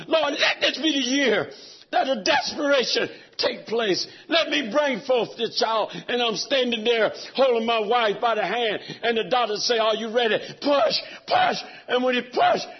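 A middle-aged man preaching a sermon, telling a personal story with great emotion, dropping to a hush and rising to shouts. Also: very high voice, expressive, measured pace, husky. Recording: dull lo-fi recording.

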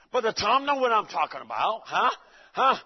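A man's voice: high voice, slightly rough. A male preacher giving a folksy, joking sermon in a church and calling out to the congregation. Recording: dull lo-fi recording.

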